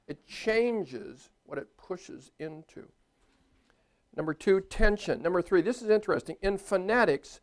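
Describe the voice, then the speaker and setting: Older male pastor preaching playfully. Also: sits high. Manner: chatty and playful, laughing at his own jokes. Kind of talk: sermon. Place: church.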